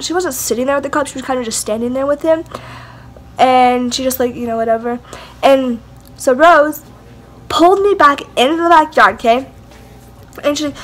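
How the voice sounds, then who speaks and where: Young woman rambling thru a storytime, high voice, lots of like and whatever, faint hiss behind. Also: a bit bright. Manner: rambling, heavy use of "like" and "whatever". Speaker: vlogger. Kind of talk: casual storytime.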